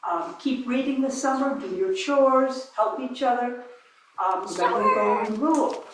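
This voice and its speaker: A woman's voice: sits high, a little slow, recorded from a distance. A woman playing a strict 1800s village schoolmistress in a living-history classroom reenactment, prim and scolding with the pupils. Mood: fond. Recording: echoey room from afar, noisy.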